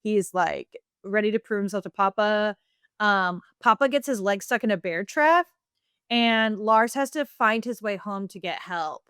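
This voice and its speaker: A woman's voice: mid-range voice, a little slow, a bit bright, smooth, no room sound, clean studio sound. A woman co-hosting a podcast in casual chat, telling a made-up story playfully with lots of fillers. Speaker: podcast co-host.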